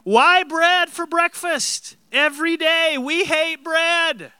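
A man voicing a grumbling Israelite wanderer who whines loudly and shrilly at God. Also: slow, no room sound, clean studio sound, full character voice. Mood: whining. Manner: whining, exasperated, shrill complaining.

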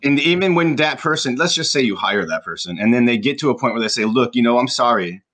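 A man's voice: mid-range voice, quick pace, a bit bright. A man co-hosting a podcast, arguing his point emphatically in casual chat with stammering restarts.

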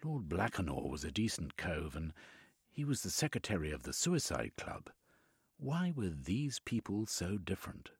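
A man's voice: sits low, sing-song, normal speed, slightly rough, no echo. A man narrating a story in a dry, mock-formal manner.

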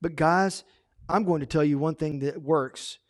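A man preaching a sermon, animated, acting out the story's characters as he retells them. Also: a little high, a little slow. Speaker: pastor.

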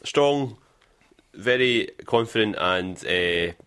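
A man's voice: on the low side, expressive, slow pace, fairly bright tone, clear, resonant tone. Male co-host; playful, chatty banter. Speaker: podcast co-host. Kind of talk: casual banter.

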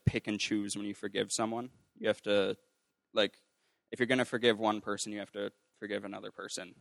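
A man's voice: fairly low pitch, creaky, fairly bright tone, no room sound. A young man casually sharing a personal faith story, rambling with lots of fillers and restarts and acting out what others said. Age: young adult. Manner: acts out quoted voices. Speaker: ministry student sharing a testimony.

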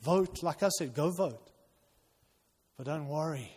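Male pastor preaching, high voice, big echoey church hall, fired up then hushed. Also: a little slow, breathy edge. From outside the United States. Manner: impassioned, swings between loud urging and quiet intensity. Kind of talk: sermon. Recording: long reverb of a large hall.

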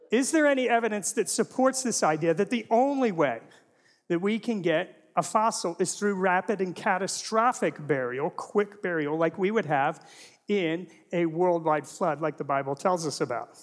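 A man's voice: sits high, expressive, moderate pace. A middle-aged man giving a humorous teaching presentation to a live audience, full of rhetorical questions and jokey asides. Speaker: Christian apologetics speaker. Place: large hall before a live audience. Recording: long reverb of a large hall.

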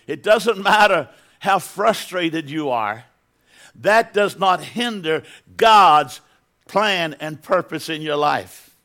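A man's voice: fairly high pitch, lively intonation, slow, bright, forceful tone. A middle-aged man preaching a sermon as pastor in a church, building to emphatic bursts and repeating words as he goes.

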